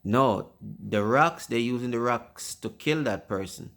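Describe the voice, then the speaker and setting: A man's voice: mid-range voice, a little slow, creaky, fairly bright tone. A father hosting a casual family video, rambling and often stumbling over his words.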